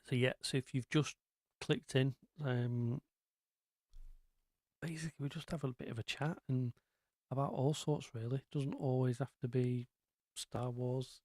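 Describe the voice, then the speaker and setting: A man's voice: medium pitch, darkish tone, dry recording. A man hosting a casual live-stream chat, rambling along with lots of ums and asides.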